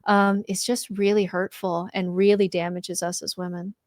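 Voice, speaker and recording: A woman's voice: mid-range voice, little pitch movement, moderate pace, no room sound, clean studio sound. A woman who works as a spiritual director, speaking as a podcast guest, explaining her approach with confidence.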